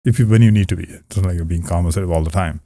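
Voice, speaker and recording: A man coaching on communication skills, talking calmly to the camera in a relaxed, conversational way with frequent restarts. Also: low-pitched, very fast. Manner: calm, conversational, many restarts. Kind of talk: casual talk to camera. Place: indoors, close to camera. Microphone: camera about two arm lengths away.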